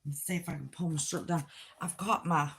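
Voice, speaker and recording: A woman's voice: deep voice, fairly even intonation, fairly quick, gravelly, a bit bright, a little hiss or hum. A tired, chatty middle-aged woman from Southern West Virginia with her own accent, rambling through a casual livestream and reading viewer comments aloud. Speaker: livestream host.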